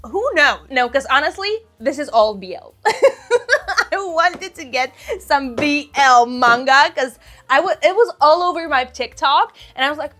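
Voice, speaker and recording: A woman vlogging a casual book haul, bubbly and giggly, gushing with excitement. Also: high voice, slow pace.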